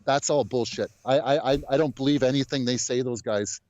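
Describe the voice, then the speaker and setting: A man's voice: medium pitch, brisk, a little mellow, dry recording, highs cut off. A man calling in to a casual talk show, blunt and exasperated, often stammering as he restarts his sentences. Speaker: caller. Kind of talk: casual call-in chat.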